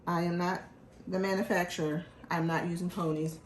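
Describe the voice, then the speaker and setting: A woman from Philadelphia hosting a casual show, talking in an animated, joking, chatty way. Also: lowish voice, moderate pace, roomy sound, a loud crowd. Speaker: host. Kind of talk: casual chat.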